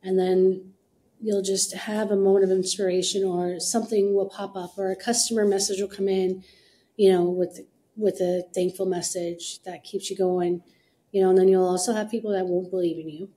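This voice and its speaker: A woman's voice: mid-range voice, flat delivery, moderate pace, dark tone, low-quality recording. A woman co-founder speaking as an interview guest in casual, earnest, encouraging talk with many fillers.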